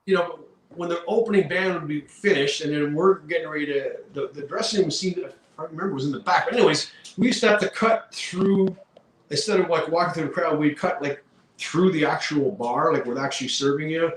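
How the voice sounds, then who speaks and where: A middle-aged man from Canada, a rock musician telling animated road stories in a casual interview, with lots of fillers. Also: fairly high pitch, fairly quick, recorded from a distance. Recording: roomy echo with faint background hum.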